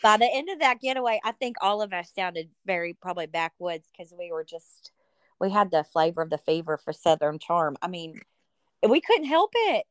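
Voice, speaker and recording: A woman's voice: fairly low pitch, very animated, normal speed, no echo, clean studio sound. A woman hosting a casual chat, bubbly and playful, laughing often as she asks questions. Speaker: host.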